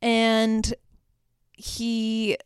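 Chatty young woman with a smooth voice. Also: a little high, completely flat delivery, drawn-out words, no room sound, studio quality. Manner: chatty, lots of "like" fillers; quotes characters in her own voice. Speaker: podcast host. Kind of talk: casual film recap.

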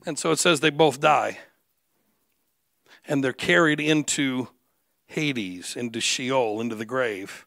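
A man preaching an animated sermon with humor, acting out the voices of figures he quotes. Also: mid-range voice, slow, vocal fry, pauses often, no echo. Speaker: guest preacher.

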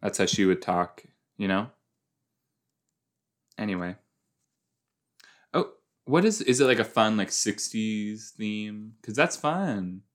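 A young man gives casual, unhurried commentary while he watches an episode. His voice swoops up and down as he talks himself through each moment, full of fillers. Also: lowish voice. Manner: animated, thinks aloud with fillers. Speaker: reaction podcast host.

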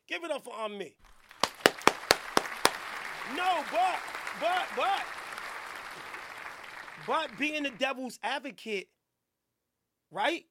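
A man hosting a radio podcast, riffing in casual, profane, animated banter. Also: extremely high pitch, gravelly. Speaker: radio show host. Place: radio studio.

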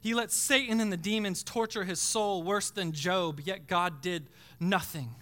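A man preaching a sermon as pastor, dropping to a hush and then swelling to loud cries. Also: sits high, unhurried. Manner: preaching with dramatic swells from hushed to shouting.

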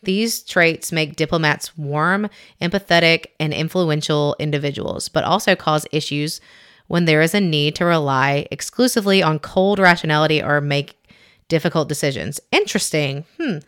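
A female podcast co-host with a low, fairly bright, clear and resonant voice chats casually while reading a personality test aloud. She reads haltingly, stumbling, giggling and correcting herself.

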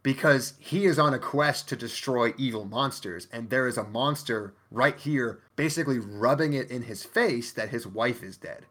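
A man's voice: mid-range voice, normal speed, few pauses, fairly bright tone. A man co-hosting a podcast, casually recapping an anime in a profane, emphatic way. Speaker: podcast co-host.

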